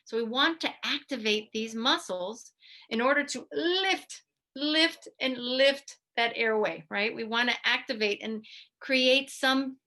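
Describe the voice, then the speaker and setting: A woman physical therapist giving an instructional talk, lively and demonstrating goofy mouth sounds as she teaches. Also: on the high side. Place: video presentation to a study club.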